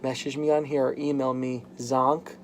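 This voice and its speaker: Young male vlogger, gravelly voice, mid-pitched, candid and rambling. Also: little pitch movement, slight background noise. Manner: frank, halting, lots of "like" fillers. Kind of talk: candid personal vlog. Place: home, at a workbench.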